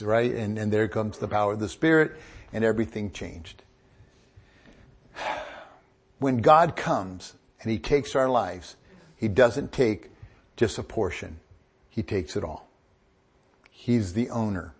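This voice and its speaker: A middle-aged man preaches with a husky, slightly breathy voice. He swings from quiet asides into loud, emphatic bursts and keeps the room laughing along with him. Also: lowish voice, a little slow, pauses often. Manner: animated, joking preacher with rising emphatic bursts. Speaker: pastor. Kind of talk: sermon.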